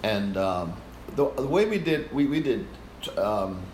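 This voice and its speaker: A man's voice: on the low side, unhurried. An older man, a guest performer, telling a story in conversation and acting out the voices of the people in it. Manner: animated storyteller, acts out voices. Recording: echoey room, faint hiss.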